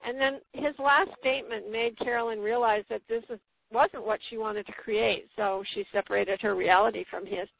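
Woman guest healer, emphatic storyteller, husky higher voice, phone-line sound. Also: fairly even intonation, normal speed. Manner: emphatic storyteller, acts out quotes with rising pitch. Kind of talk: phone-in radio interview storytelling. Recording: tinny phone line, dry.

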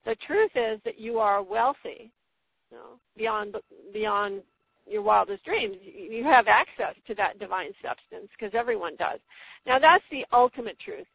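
Woman guest healer, emphatic storyteller, husky higher voice, phone-line sound. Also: lively intonation, measured pace. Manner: emphatic storyteller, acts out quotes with rising pitch. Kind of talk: phone-in radio interview storytelling. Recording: tinny phone line, dry.

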